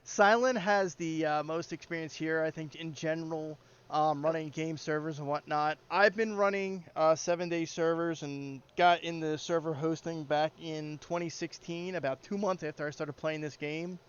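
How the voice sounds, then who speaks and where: A man's voice: fairly high pitch, fairly even intonation, moderate pace, few pauses, smooth, highs cut off. A man hosting a casual voice chat about game servers, easygoing and joking, with many fillers. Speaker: game server community founder and host.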